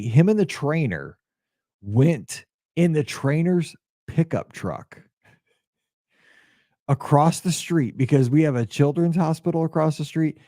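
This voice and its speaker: A man hosting a podcast, telling a story in a casual, excitable and openly emotional way, with lots of restarts. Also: on the high side, no room sound, clean studio sound. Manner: excitable, rambling sports storyteller. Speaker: podcast host.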